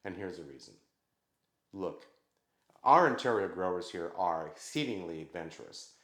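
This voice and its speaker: A man's voice: low voice, animated, normal speed, fairly bright tone. A man hosting his own vlog, explaining wines to the camera in a casual, conversational way. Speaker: vlog host. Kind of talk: casual talk to camera about wine. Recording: echoey room.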